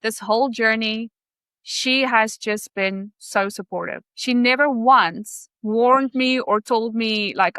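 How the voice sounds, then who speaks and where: A woman's voice: a little high, slow, fairly bright tone, smooth, no echo. A woman guesting on a podcast, talking in a gushing, grateful way, with many fillers. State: emotional. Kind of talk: casual interview conversation.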